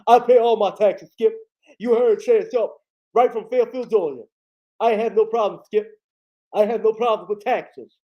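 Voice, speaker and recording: A man doing an impression of a boastful male sports pundit, loudly repeating his co-host's name. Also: high voice, moderate pace, highs cut off, voice pushed up, natural voice.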